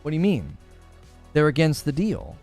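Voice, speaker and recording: A man's voice: a little high, wildly swooping pitch, normal speed, vocal fry, a little mellow, faint music behind. A man hosting a talk show, giving argumentative and sarcastic commentary and laughing at his own points. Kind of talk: opinionated commentary.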